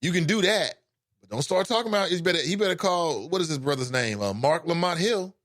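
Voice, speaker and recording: A man with a slightly high voice hosts a call-in talk show. His delivery is animated, jumping from loud emphatic bursts to muttered asides. The recording is dry and close, with little room sound. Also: fairly quick, no echo. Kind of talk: casual talk commentary.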